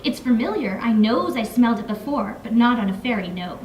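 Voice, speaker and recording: A jittery, fawning lizard creature whimpers and grumbles in broken grammar, as a woman reads him aloud. The voice sits fairly high, and the sound is roomy and picked up from a distance, with faint ambience behind. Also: lively intonation, fairly quick, slight background noise, lightly acted. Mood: whining. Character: nervous male lizard creature, whiny and ungrammatical. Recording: echoey room, mic from far off.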